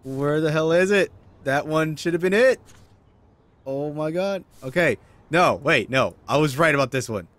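A man's voice: on the high side, animated, moderate pace, a bit bright. Exasperated man muttering at a game. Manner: frustrated muttering and swearing. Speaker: gaming video host. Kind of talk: let's play commentary.

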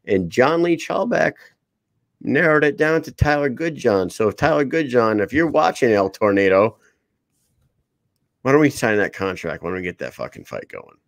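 A man's voice: medium pitch, lively intonation, normal speed, vocal fry, dry recording. A man co-hosting a live podcast, talking in a casual, rambling, profane way. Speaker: podcast co-host. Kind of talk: casual chat.

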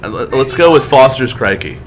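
A man's voice: medium pitch, lively intonation, fairly quick, slight background noise. A man co-hosting a video game playthrough, bantering and joking in casual chat. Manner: jokey, playful banter. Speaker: let's play co-host.

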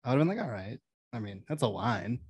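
Dry sarcastic husky-voiced man. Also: medium pitch, big pitch swings, brisk, darkish tone, no room sound. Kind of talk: casual chat.

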